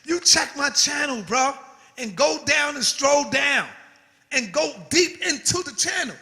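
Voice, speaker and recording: A man's voice: extremely high pitch, lively intonation, unhurried, pushed and bright, big-room sound. A man hosting his own channel, delivering a defiant, profane rant to his audience. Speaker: channel host. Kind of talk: heated livestream rant.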